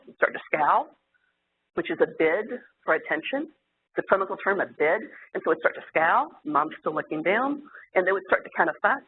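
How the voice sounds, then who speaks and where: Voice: mid-range voice, normal speed. A therapist giving an earnest, explanatory lecture to clinicians, with occasional fillers. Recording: tinny phone-like sound, faint hiss.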